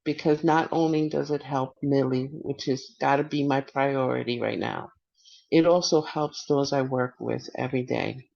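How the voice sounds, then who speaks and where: A middle-aged woman veteran giving personal testimony on a panel, halting and hesitant with many restarts. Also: extremely low pitch, steady tone, vocal fry, a little mellow. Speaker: veteran panelist and peer support worker. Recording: muffled lo-fi audio.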